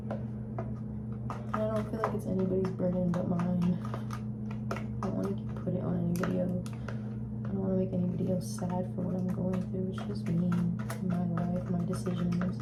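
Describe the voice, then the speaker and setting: A young woman with a gravelly, fry-heavy voice rambles softly through a personal vlog update. She sounds close to tears at times. It is recorded on a phone in a car, with a noisy background. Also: fairly low pitch, fairly even intonation, fairly quick. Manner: rambling, soft-spoken, tearful at times. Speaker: vlogger.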